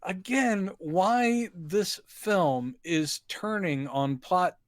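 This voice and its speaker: A man's voice: high-pitched, very slow, no room sound, studio quality. A man co-hosting a casual podcast, ranting in disbelief about a film's silly scenes. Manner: incredulous, exasperated ranting. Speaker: podcast co-host. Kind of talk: casual movie-recap chat.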